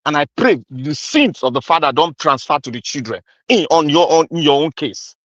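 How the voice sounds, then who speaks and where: A man's voice: on the high side, lively intonation, moderate pace, fairly bright tone, dry recording, dull audio. A man with a Nigerian accent delivering an angry, accusing political rant, repeating himself and slipping into pidgin. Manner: mixes in pidgin. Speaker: commentator.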